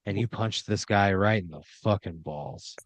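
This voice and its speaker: A man's voice: fairly low pitch, moderate pace, no echo. A man improvising a second-person story as a podcast storyteller, rambling with uhs and restarts.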